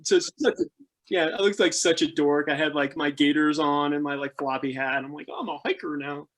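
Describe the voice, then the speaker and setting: A man in his thirties, a podcast guest casually telling adventure travel stories, laughing often and acting out the people he quotes. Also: fairly quick. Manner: animated, laughing, acts out quoted people with jumps in pitch. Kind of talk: casual storytelling interview.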